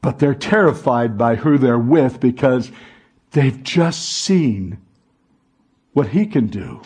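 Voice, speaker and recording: A man's voice: mid-range voice, expressive, slow pace, a little mellow, husky. A man preaching a sermon to a congregation, asking the room call-and-response questions. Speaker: pastor.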